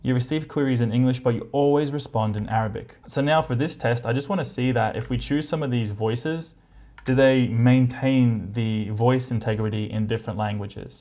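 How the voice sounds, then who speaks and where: A man's voice: mid-range voice, quick pace, warm tone. A man hosting a tech review, casually commenting while he tests voices and thinks aloud with ums.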